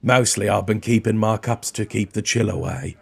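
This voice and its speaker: A man voicing a burly, blunt female dwarf warrior in a low, gruff, deliberate tone. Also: exaggerated voice.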